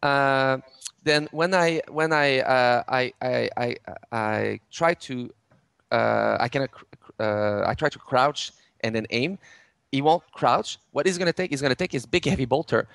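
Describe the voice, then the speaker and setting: A man's voice: medium pitch, moderate pace, creaky, a bit bright, smooth, dry recording. A middle-aged man, a game studio head in an interview, explaining game mechanics with many restarts and fillers.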